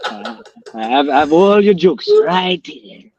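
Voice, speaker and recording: A man's voice: a little high, measured pace, muffled recording, a loud crowd. A man co-hosting a casual talk show, teasing and telling stories with playful energy. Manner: playful, teasing, animated storytelling. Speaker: co-host. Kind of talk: casual podcast banter.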